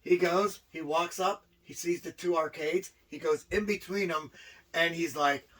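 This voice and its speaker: A man co-hosting a podcast, telling stories in a lively, animated way with frequent restarts. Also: on the high side, a little slow, far from the mic, low-quality recording. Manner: animated, repeats and restarts words as he tells stories. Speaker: podcast co-host, wrestler. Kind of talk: casual storytelling chat.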